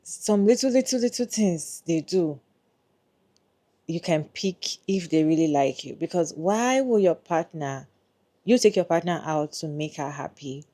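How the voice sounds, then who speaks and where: This is a woman hosting an online reaction video. Her voice sits low and sounds warm and relaxed. She talks in an emphatic, opinionated way and questions the viewers directly. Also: measured pace. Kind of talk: opinionated commentary.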